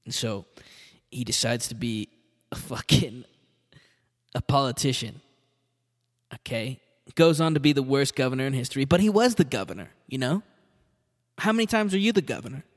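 A man's voice: mid-range voice, expressive, moderate pace, long pauses, in a large hall. A man hosting a solo podcast, rambling casually and swearing a lot. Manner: rambling, profane, with laughs. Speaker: podcast host.

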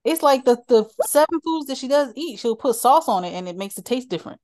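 A woman's voice: high voice, animated, fairly quick, darkish tone. A woman with a Philadelphia accent co-hosting a casual podcast chat, opinionated and teasing. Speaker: podcast co-host.

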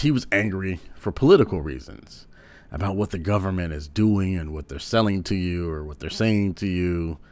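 A man giving a casual commentary, rambling a little and filling pauses with "um". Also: deep voice, creaky, a little mellow. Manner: rambling, with frequent "um"s.

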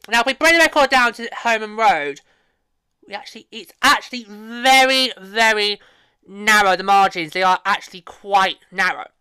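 A woman's voice: medium pitch, normal speed, bright, forceful tone, clear, resonant tone, no room sound. A woman hosting a hockey podcast, talking casually and emotionally, rambling with frequent restarts. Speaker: podcast host.

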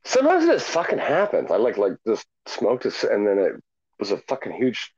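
Animated, laughing man in casual chat. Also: lowish voice, a little fast, husky, dry recording. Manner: profane, laughing storyteller. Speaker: podcast co-host. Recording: dull lo-fi dry sound.

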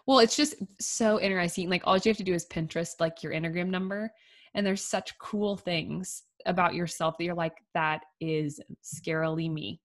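Young woman co-host, lower voice, casual and chatty, many "likes". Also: fairly quick. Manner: chatty, says "like" often, laughs easily. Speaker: podcast co-host. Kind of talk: casual chat.

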